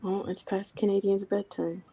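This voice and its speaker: A woman's voice: medium pitch, level tone, normal speed, gravelly, mellow, soft background music. A woman co-hosting a casual livestream chat, teasing viewers playfully and sometimes dropping to a near whisper. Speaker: livestream co-host.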